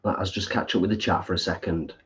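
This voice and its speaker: A man's voice: deep voice, fairly even intonation, fast talker, a bit bright. A man co-hosting a live stream, chatting casually and reading out viewer comments. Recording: dull lo-fi stream audio.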